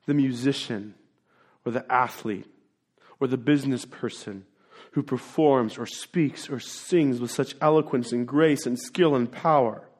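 A man preaching a sermon in an earnest way, dropping into quiet asides and then building to emphatic, rising points. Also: mid-range voice, measured pace. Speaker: pastor.

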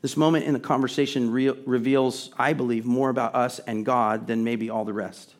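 A man's voice: medium pitch, fairly even intonation, moderate pace. A middle-aged man preaching a sermon in a conversational way, building to emphatic, rising questions. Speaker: pastor.

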